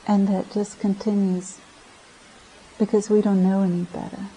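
A woman meditation teacher giving a gentle, reflective dharma talk at a retreat center, often pausing and restarting her phrases. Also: medium pitch, little pitch movement, slight background noise, rough recording.

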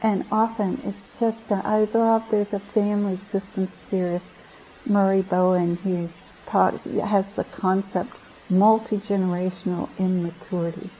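A woman meditation teacher speaking slowly and unhurriedly in a gentle, reflective dharma talk. Her voice is warm and mellow, and she often pauses and restarts her phrases. She is talking at a retreat center. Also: mid-range voice, flat delivery, a little hiss or hum, low-quality recording.

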